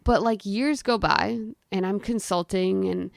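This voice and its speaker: A woman's voice: mid-range voice, unhurried, creaky, no room sound, studio quality. Chatty young woman telling a story. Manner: animated, acts out quotes of herself and others; chatty, frequent "like" fillers. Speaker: guest storyteller. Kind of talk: casual storytelling conversation.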